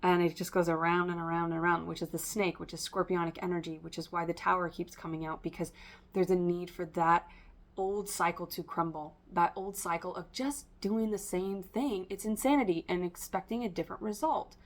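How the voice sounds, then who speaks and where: A woman's voice: lowish voice, fairly even intonation, a little fast. A woman giving a casual spiritual tarot reading to camera, rambling and stream-of-consciousness with many fillers. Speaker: tarot reader.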